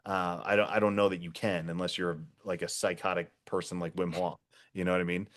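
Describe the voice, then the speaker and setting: A man's voice: low-pitched, little pitch movement, fairly quick, fairly bright tone. A man in casual podcast conversation, rambling with fillers and restarts, blunt and casual in his swearing. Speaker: podcast guest, former first responder.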